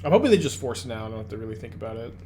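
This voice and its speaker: A man's voice: medium pitch, very animated, racing, a little mellow, slight background noise. A man playing an online card game and thinking aloud as he plays, musing, correcting himself and muttering asides.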